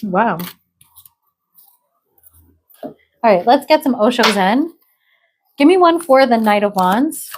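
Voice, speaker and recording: A woman's voice: a little high, animated, takes it slowly, pauses often, noisy background. Chatty woman reading tarot cards. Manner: chatty, exclamatory, frequent "okay?". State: unwell. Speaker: tarot reader.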